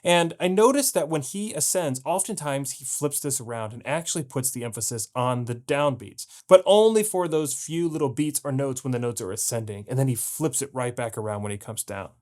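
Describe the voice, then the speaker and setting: A man's voice: mid-range voice, animated, brisk, hardly any pauses, a little mellow. A man teaching a jazz piano lesson, explaining patiently and scatting rhythms aloud to show them. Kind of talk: video lesson.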